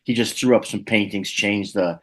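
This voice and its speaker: A middle-aged man, a guest telling animated anecdotes in a casual interview. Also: fairly low pitch, normal speed. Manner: animated anecdotes, acts out voices.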